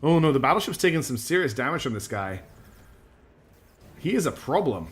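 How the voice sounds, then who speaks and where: A man's voice: mid-range voice, big pitch swings, brisk. A man streaming a strategy game, chatty and self-deprecating, thinking aloud as he plays. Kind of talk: live gameplay commentary.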